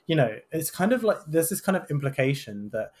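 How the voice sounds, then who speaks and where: A man's voice: on the high side, sing-song, a little fast, darkish tone. A man, a doctor hosting a casual podcast chat, rambling with lots of "kind of" and tag questions.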